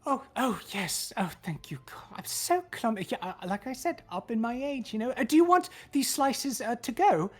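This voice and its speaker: A woman's voice: high-pitched, lively intonation, normal speed, few pauses, a little mellow, faint music behind, voice pushed up. A woman voicing a chatty, fussy older woman cook who rambles and dotes on children. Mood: flustered. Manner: rambling, hesitant, doting.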